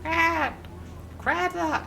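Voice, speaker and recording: A man voicing an effeminate, heavy-set male messenger who speaks in a high falsetto with flowery, overly polite phrasing. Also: fairly even intonation, very slow, gravelly, sharp tone, full character voice, rough recording. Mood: fawning.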